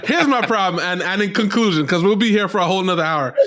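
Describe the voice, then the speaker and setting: A man's voice: sits high, fast talker, a bit bright. A man in his thirties hosting a casual podcast, recounting embarrassing stories with exasperated, self-deprecating humor. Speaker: podcast host.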